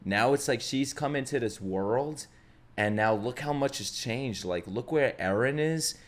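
A man talking through an episode as a reaction streamer, loose and excitable. His voice sits at an ordinary middle pitch, and he swears casually and cheers loudly when the action picks up. The delivery is off-the-cuff and chatty. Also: a little slow.

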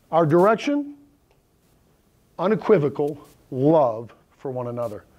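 A man's voice: fairly high pitch, a little mellow. A male pastor preaching a conversational sermon to his congregation, often checking in with "right?" and "okay?". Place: church sanctuary with congregation.

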